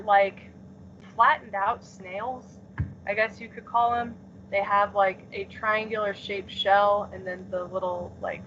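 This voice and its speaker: Woman teacher, mid pitch, relaxed filler-heavy delivery, muffled call audio with faint hiss. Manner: casual, filler-heavy explaining with many "um" and "like". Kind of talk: remote class lesson. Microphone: computer mic on a video call.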